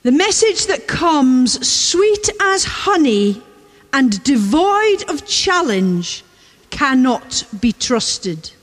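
A woman preaching a sermon in a measured way, repeating key lines for emphasis, recorded in a church. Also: high-pitched, big pitch swings, in a large hall.

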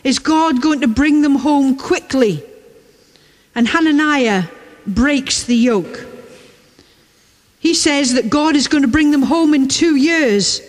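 A high-voiced woman delivers a sermon at an unhurried pace, repeating key lines for weight. Her voice rings out with the long reverb of a large church. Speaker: preacher.

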